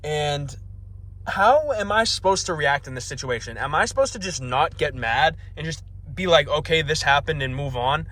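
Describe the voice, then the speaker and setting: A man's voice: on the high side, lively intonation, normal speed, fairly bright tone. Profane young man ranting. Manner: profane, exasperated, self-mocking. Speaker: vlogger. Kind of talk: comedic ranting storytelling.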